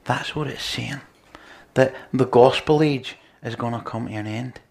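Male preacher, gravelly, earnest sermon delivery with loud and hushed passages. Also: medium pitch, unhurried. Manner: earnest, swings between loud emphasis and quiet near-whispers.

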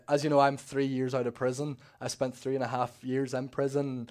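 A man's voice: mid-range voice, little pitch movement, a little fast, few pauses, a little mellow. Man telling a rambling testimony. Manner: rambling, emotional storytelling with restarts. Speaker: ex-prisoner giving a church testimony. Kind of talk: personal faith testimony to a congregation.

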